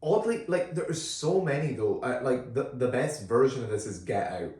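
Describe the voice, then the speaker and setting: A man co-hosting a podcast, reviewing films in a relaxed, chatty way with frequent fillers. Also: mid-range voice, normal speed. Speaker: podcast co-host. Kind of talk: casual film review chat. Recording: roomy, distant from the mic.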